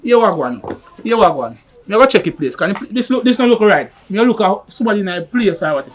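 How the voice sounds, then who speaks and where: Jamaican-accented man, high voice, frantic accuser in a film drama, pleading and repetitive; an actor plays him. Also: big pitch swings, quick pace. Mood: suspicious. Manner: pleading, repeating himself, rising into protest. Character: agitated man accusing his partner of stealing money.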